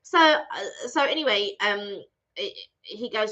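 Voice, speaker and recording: Lively, bright woman telling a story. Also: on the high side, moderate pace. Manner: animated storytelling, acts out both sides of a call. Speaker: channel host. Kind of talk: casual live-stream chat. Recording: dull lo-fi stream audio.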